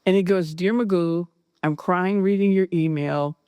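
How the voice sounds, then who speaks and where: A woman recounting her personal experiences, animated and acting out the dialogue she quotes. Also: on the low side, moderate pace, clear, resonant tone, no room sound. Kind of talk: personal storytelling.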